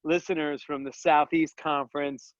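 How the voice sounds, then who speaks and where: A man's voice: fairly high pitch, normal speed, no echo, dull audio. Joking, rambling male coach. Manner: energetic, joking, rambling with slang asides. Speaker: podcast guest, dental business coach and author. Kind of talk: casual podcast conversation.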